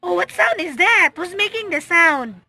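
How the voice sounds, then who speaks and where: A woman's voice: extremely high pitch, expressive, normal speed, very noisy. A young Filipino woman, an early childhood educator, patiently teaching a toddler at home, repeating simple prompts. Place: home, just woken up.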